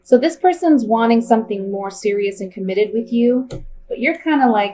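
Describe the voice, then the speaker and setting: Woman doing a tarot reading, chatty and thinking out loud, slight hum in the background. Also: a little high, lively intonation, moderate pace, poor audio. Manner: chatty, thinks aloud while reading cards. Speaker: tarot reader.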